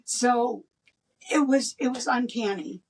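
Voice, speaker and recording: Husky older woman telling a story. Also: on the high side, slow pace, far from the mic. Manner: animated, laughs between lines. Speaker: interview guest. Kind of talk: personal storytelling.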